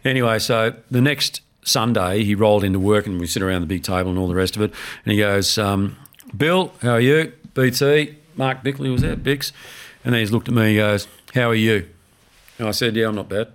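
A man telling lively anecdotes in casual chat, slipping into other people's voices for quotes. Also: fairly low pitch, fairly quick. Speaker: podcast guest. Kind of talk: casual storytelling.

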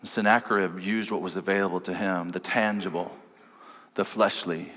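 A man's voice: deep voice, fairly even intonation, normal speed, a bit bright. A man preaching a sermon as a pastor, telling a story and quoting his family along the way. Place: church sanctuary. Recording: long church hall reverb.

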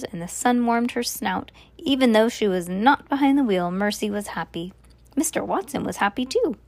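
A woman's voice: mid-range voice, no room sound. A woman reading a children's chapter book aloud to a child, slipping into casual asides to explain what is happening.

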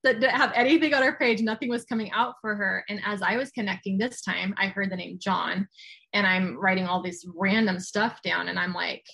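A woman in her forties, a guest on a talk show, telling her story in a chatty, animated way and acting out what others said. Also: mid-range voice, fairly quick, gravelly, husky. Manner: chatty, animated retelling with quoted voices. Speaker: guest, medium. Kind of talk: casual storytelling interview.

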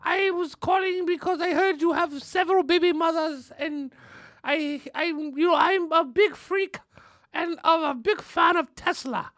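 A man doing a lewd, prim old queen in a high, mock-posh voice. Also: unhurried, a bit bright, dry recording, full character voice. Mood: smug. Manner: mock-proper, high-pitched posh put-on voice. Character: lewd, imperious elderly queen, female. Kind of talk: comic impression on a podcast.

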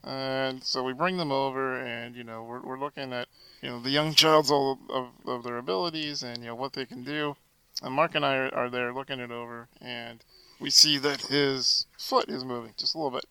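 A man guest on a podcast telling a story in a casual, animated way, acting out the dialogue as he goes. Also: mid-range voice, moderate pace, clear, resonant tone, dry recording, rough recording. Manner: animated, acts out quoted dialogue.

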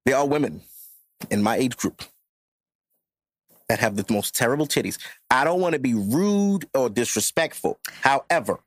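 A man's voice: medium pitch, lively intonation, moderate pace. A man in his thirties hosting a podcast, talking bluntly and profanely in casual chat. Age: 30s. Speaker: podcast host.

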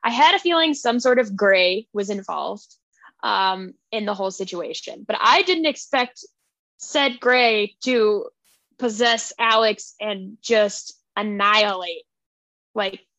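A woman's voice: mid-range voice, takes it slowly, a bit bright, dry recording, rough recording. A woman hosting a book club podcast, casually retelling a plot in a rambling, filler-heavy way.

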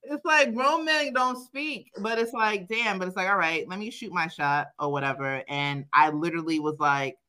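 Here a young adult co-host shares a personal anecdote on a podcast, animated and foul-mouthed, often laughing and repeating her own words. She has a lowish voice and a moderate pace, barely pausing at all.

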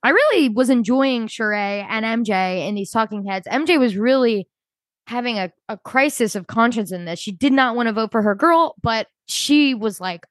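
Animated woman, chatty podcast co-host. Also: on the high side, no echo. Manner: animated, quick, quotes people in character. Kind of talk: casual chat.

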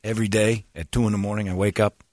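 A man's voice: on the low side, flat delivery, fast, a little mellow. A man hosting a casual chat, rambling and joking, laughing often at his own bits.

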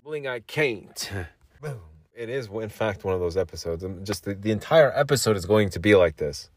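Talking a little fast and animatedly, a man with a lowish voice records his podcast from a makeshift booth at home, with no room sound. His monologue is loose and rambling, and he sounds tired after a long work shift, repeating himself as he loses track.

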